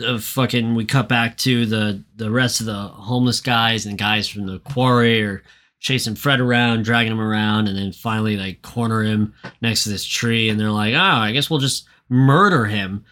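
A man's voice: lowish voice, little pitch movement, normal speed, fairly bright tone. A young man co-hosting a podcast, retelling a movie in a casual, profane, joking way and acting out quotes. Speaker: podcast co-host.

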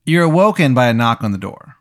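A man's voice: medium pitch, very animated. Rambling man narrating a comic scene. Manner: rambling, profane, halting with many fillers. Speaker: game master. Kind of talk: narrating a comedic tabletop role-play.

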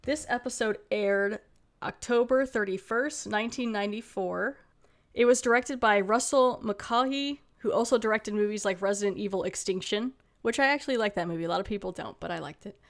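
A woman's voice: mid-range voice, fairly quick. A woman hosting a casual podcast, playful and laughing often as she reads out credits. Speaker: podcast host.

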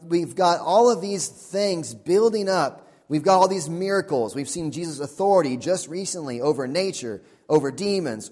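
A man preaching a sermon as pastor, earnest and emphatic, repeating questions and dropping to a quiet, intense voice for key points. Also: a little high.

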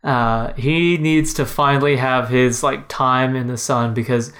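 A man's voice: medium pitch, steady tone, a little slow, a bit bright. A man co-hosting a casual film review podcast, talking enthusiastically with lots of restarts. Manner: enthusiastic, rambling with restarts and fillers.

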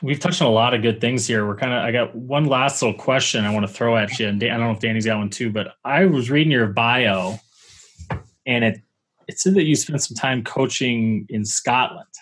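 A man's voice: mid-range voice, a little fast, fairly bright tone, slightly rough. A man hosting a casual podcast interview, asking questions in an enthusiastic, friendly way. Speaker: podcast host.

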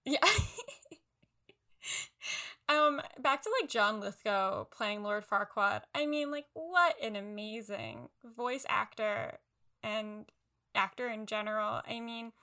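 A young woman co-hosting a podcast, chatting in an animated, lively way about films. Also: mid-range voice, slow pace. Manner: animated, laughs often. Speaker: podcast co-host. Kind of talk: casual film chat.

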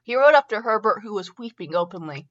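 A woman's voice: on the high side, animated, fairly quick, fairly bright tone. A middle-aged woman reading a story aloud, stumbling and restarting often on words, with a dull lo-fi sound. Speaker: fanfiction reader and podcast host.

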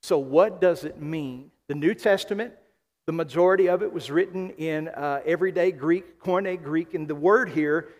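A man from the American South preaching a sermon as pastor, emphatic, slowing and repeating key phrases. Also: on the high side. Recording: long hall reverb.

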